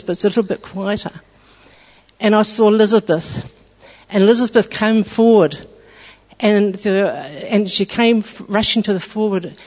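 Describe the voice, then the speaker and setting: A woman giving an earnest church testimony, retelling events in a halting way with restarts. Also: medium pitch, a little mellow. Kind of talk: testimony storytelling. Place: church hall. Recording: dull lo-fi with long hall reverb.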